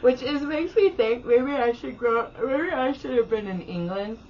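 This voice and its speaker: A woman's voice: on the high side, lively intonation, normal speed. A woman co-hosting a podcast in casual chat, throwing in blunt, wry remarks while fighting a lingering cough. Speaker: podcast co-host. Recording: dull lo-fi sound with faint hiss.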